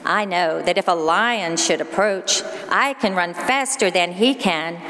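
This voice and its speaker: Kindly, self-satisfied male zebra, read by a woman preacher; slow, church reverb. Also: fairly low pitch, a bit bright. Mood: kindly boast. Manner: kindly, boastful.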